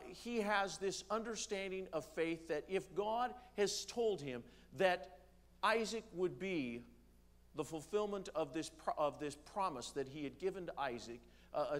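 A pastor preaching in a church, reading scripture aloud and slowing down to stress key words, with the odd filler. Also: male voice, fairly high pitch. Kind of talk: sermon reading and explaining scripture. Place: church sanctuary.

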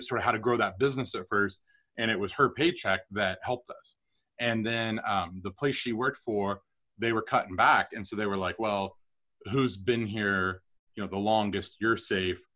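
A middle-aged man telling stories about his career as a podcast guest, chatty and animated with self-deprecating humor. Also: on the low side. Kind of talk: storytelling interview.

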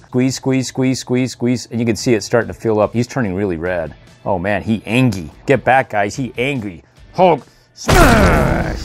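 Playful man with a lively, swooping voice. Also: medium pitch. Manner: playful, jokey, chuckles often. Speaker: toy reviewer. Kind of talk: casual toy review vlog.

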